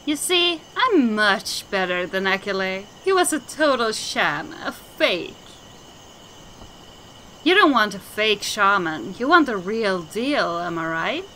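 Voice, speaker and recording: A woman's voice: medium pitch, very animated, slow, bright, forceful tone, slight background noise, full character voice. A woman voicing a mad old male shaman who talks about himself in the third person in broken, childlike phrases. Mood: boastful. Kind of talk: game dialogue voicing.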